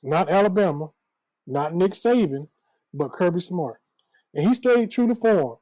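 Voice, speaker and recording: Mellow-voiced trash-talking man. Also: high-pitched, expressive, a little slow, no room sound, low-quality recording. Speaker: co-host. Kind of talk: casual sports chat.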